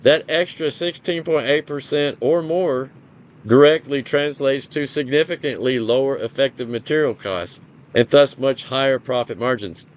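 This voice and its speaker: Blunt, smooth-voiced gaming host. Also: male voice, medium pitch, normal speed. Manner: blunt, profane, complains openly; stumbles over numbers, restarts. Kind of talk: casual commentary reading game info.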